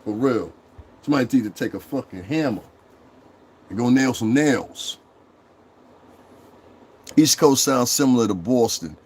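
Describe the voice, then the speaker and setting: A man's voice: medium pitch, expressive, a little slow, pauses often, a little mellow, slightly rough. Brief: male streamer, heated profane rant to chat, mid-range voice, repeats himself for emphasis. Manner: angry, profane, repetitive ranting. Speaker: online streamer.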